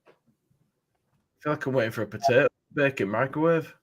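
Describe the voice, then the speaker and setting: A man guesting on a casual football podcast, full of quick jokes. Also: mid-range voice. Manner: joking, quick quips.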